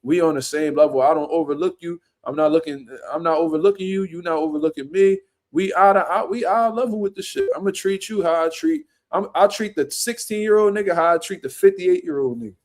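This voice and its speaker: A young man, a boxer, telling animated, profane stories in street slang during a casual podcast chat. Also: on the high side, brisk, few pauses.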